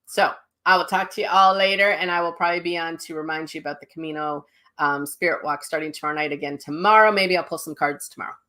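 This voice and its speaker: A middle-aged woman telling viewers a personal story in a casual, animated way, acting out what people said, as a psychic medium hosting her own channel. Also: deep voice, fast.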